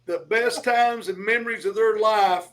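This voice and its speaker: A middle-aged man with a fairly high voice, chatting as a radio co-host. He sounds eager and agreeable as he reminisces. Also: steady tone, normal speed, a bit bright. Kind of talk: casual studio chat.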